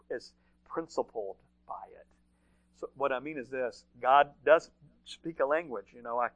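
A man's voice: medium pitch, vocal fry, a bit bright, low-quality recording. A man preaching a sermon in a conversational way, often repeating phrases and checking in with "right?".

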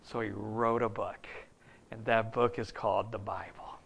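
A man in his fifties preaching a folksy, story-filled sermon, dropping to a hush and then rising loud and high. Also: flat delivery, measured pace, gravelly, slightly rough. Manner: folksy, storytelling, swings between hushed and loud.

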